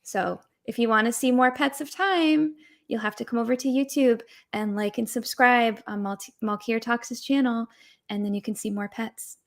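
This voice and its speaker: A woman's voice: a little high, steady tone, moderate pace, gravelly. A woman with a New England accent, hosting a casual talk show and gushing enthusiastically over pet photos. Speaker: host. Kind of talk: casual chat on a livestream.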